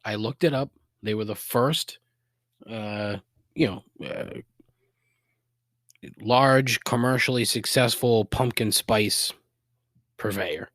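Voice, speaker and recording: A man's voice: on the low side, slow, pauses often, a bit bright, no room sound, studio quality. A man with a Boston accent hosting a solo podcast, griping in a profane, exasperated way with sarcastic asides. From Boston area, USA. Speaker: podcast host.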